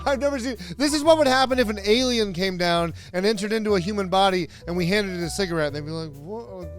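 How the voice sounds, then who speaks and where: A man's voice: high voice, fast, faint music behind. A man narrating a comedic wrestling recap, sarcastic and joking, with laughs in his delivery. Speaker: wrestling video host.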